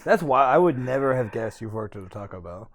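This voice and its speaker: A man's voice: medium pitch, fairly quick. A man who is a comedian guest on a podcast, joking and putting himself down in loose banter. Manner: joking, self-deprecating, animated.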